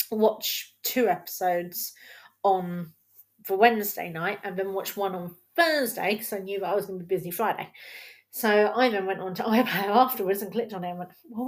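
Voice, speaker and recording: A woman hosting a casual solo film podcast at home, chatty and rambling and laughing often, recorded on a laptop's built-in mic. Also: medium pitch. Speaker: podcast host.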